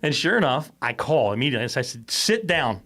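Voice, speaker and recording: A man's voice: mid-range voice, quick pace. A man co-hosting a podcast, telling a story in casual chat, swearing freely, laughing along and acting out the people he quotes. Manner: animated, acts out quoted voices. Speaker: podcast co-host.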